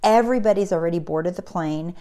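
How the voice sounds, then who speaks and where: A woman coaching on manifestation, telling a personal story in a casual, animated way and acting out the people in it. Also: fairly low pitch, brisk. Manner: animated, acts out the voices of people in her story; breaks into laughter mid-sentence. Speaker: manifestation coach and channel host.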